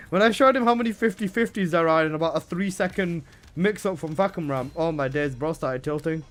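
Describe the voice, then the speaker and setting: A man's voice: fairly high pitch, fairly quick. A man live streaming, chatting casually with his viewers, swearing and laughing often.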